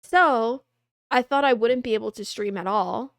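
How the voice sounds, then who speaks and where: A young woman hosting a casual livestream, chatting and answering viewer questions in a soft, rambling, self-deprecating way. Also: a little high, normal speed, no echo.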